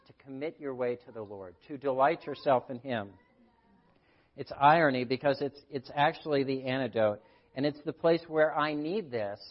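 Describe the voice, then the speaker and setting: A man's voice: mid-range voice, lo-fi sound. A man, a grief counselor, giving an earnest sermon and telling stories with quoted voices. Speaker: grief counselor speaking at church.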